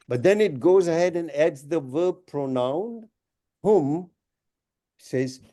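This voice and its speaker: A man teaching a Quran study class at an Islamic center, explaining the grammar of the Arabic verses in a measured, deliberate lecture with emphatic phrases. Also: fairly high pitch, expressive, warm tone.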